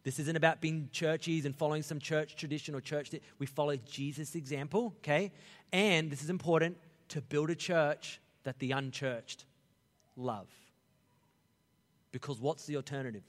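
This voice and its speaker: A man preaching a sermon as pastor, animated and conversational, acting out Bible figures in a casual voice. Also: fairly high pitch, normal speed, in a large hall.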